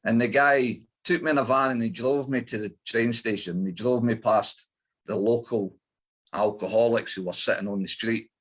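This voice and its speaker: A man's voice: medium pitch, fairly even intonation, moderate pace. A middle-aged man with an Edinburgh Scottish accent, a guest in an interview, telling his life story bluntly with lots of swearing and fillers. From Scotland.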